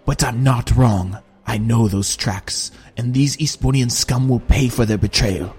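A man's voice: fairly high pitch, moderate pace, darkish tone, slightly rough, soft background music, voice pushed up. A male narrator voicing a stern male general who gives clipped, urgent orders. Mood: grim resolve.

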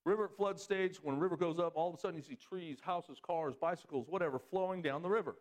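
Pastor, man, mid-high voice, lively sermon delivery with big pitch jumps. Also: fast. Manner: animated preaching, swings pitch up for emphasis.

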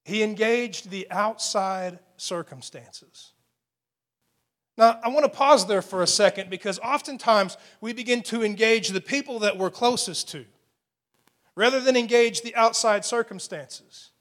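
A man's voice: high-pitched, moderate pace, fairly bright tone. A middle-aged man preaching a sermon, building intensity and asking rhetorical questions. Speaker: pastor.

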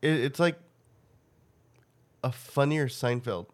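A man's voice: medium pitch, slow pace. A man co-hosting a podcast, telling stories in rambling, profane casual chat and laughing often. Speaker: podcast co-host.

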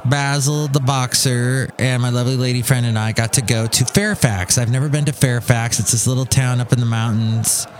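A man hosting a podcast, telling a long story in a casual, rambling, joking way with a sing-song delivery. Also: medium pitch. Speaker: podcast host. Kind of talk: casual monologue.

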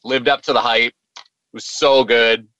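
A man with a bright, tense and very smooth voice chats on a podcast. He speaks with warm enthusiasm and encouragement. The sound is dry and close to the mic. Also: mid-range voice, flat delivery, moderate pace, dry recording, dull audio. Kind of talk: casual chat.

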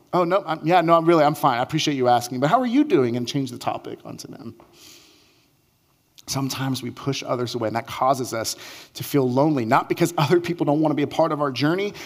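A man's voice: on the high side, vocal fry. A male pastor giving a conversational sermon, acting out quoted lines as he speaks. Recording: long hall reverb.

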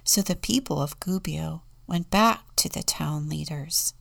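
A woman deacon reading a children's storybook aloud in a slow, soft, often hushed manner. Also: sits low, vocal fry.

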